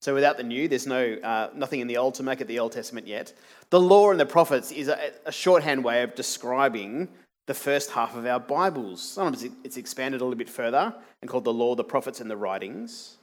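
A man's voice: medium pitch, animated, fairly quick. A man preaching a sermon, earnest and emphatic, asking the congregation rhetorical questions.

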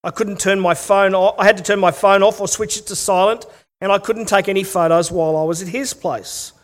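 A man's voice: sits high, steady tone, brisk. A middle-aged Australian man preaching a sermon, telling stories with wry humor and rhetorical questions. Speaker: pastor.

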